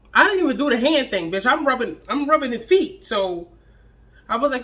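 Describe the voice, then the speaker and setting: A young adult woman telling a blunt, profane storytime about a relationship, with animated, acted-out quotes. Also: fairly high pitch, normal speed. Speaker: storytime vlogger. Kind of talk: casual storytime monologue.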